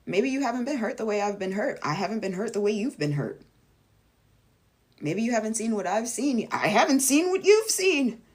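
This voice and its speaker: A woman's voice: sing-song, normal speed. A woman talking to her viewers in a casual spoken monologue as a vlogger and life coach, blunt and emphatic, swearing freely and acting out quoted voices. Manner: acts out quoted voices with big jumps in pitch.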